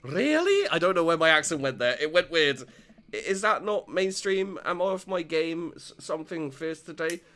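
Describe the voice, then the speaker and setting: A man doing gameplay commentary, excitable and joking, with frequent stammered restarts and casual swearing. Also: fairly high pitch, moderate pace, clear, resonant tone. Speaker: let's play host. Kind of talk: gameplay commentary, reading dialogue aloud.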